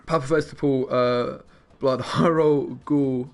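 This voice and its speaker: Brief: laid-back young male streamer, slight fry, faint game music under him. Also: mid-range voice, steady tone, unhurried. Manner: chatty, laid-back, mumbles asides to himself. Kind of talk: casual game commentary while chatting with viewers.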